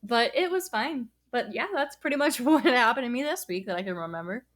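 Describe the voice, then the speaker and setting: A woman's voice: a little high, animated, brisk, fairly bright tone. A woman co-hosting a casual podcast, telling anecdotes and laughing often. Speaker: podcast co-host. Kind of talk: casual chat.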